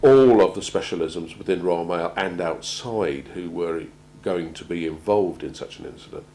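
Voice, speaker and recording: A man gives a measured talk on crisis planning, often pausing and repeating words as he goes. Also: deep voice, dark tone, a little hiss or hum, poor audio. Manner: measured, halting, repeats words while finding them. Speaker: presenter on organisational crisis planning. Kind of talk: prepared talk to an audience.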